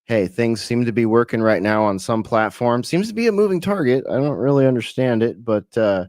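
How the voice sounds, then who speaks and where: A man's voice: medium pitch, animated, a little fast, darkish tone, no room sound, studio quality. A man from California hosting a live-streamed radio show, rambling casually with lots of fillers and the odd swear.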